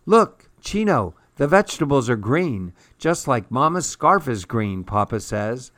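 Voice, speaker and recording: A man's voice: mid-range voice, very animated, a little slow, fairly bright tone, no echo, clean studio sound. A man reading aloud, voicing a cheerful father coaxing his child in a picture book.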